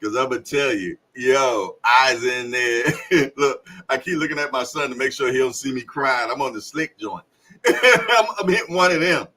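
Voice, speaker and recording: Bright-voiced laughing podcast host man. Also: medium pitch, rough recording. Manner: laughs often, drawn-out storytelling with slang fillers. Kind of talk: casual livestream chat.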